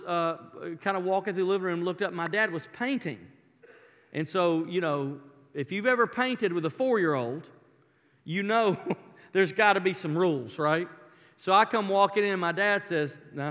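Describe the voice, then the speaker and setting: High-voiced pastor in a reverberant hall. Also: male voice. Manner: animated storyteller, folksy asides. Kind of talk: sermon with personal storytelling. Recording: long reverb of a large hall.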